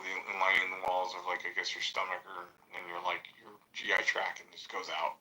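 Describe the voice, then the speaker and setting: A man's voice: monotone, a little fast, hardly any pauses, bright, forceful tone, poor audio. An American man telling stories in a casual podcast chat, profane and loose, with many fillers. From United States. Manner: profane, storytelling, jumps high to mimic others. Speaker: podcast co-host.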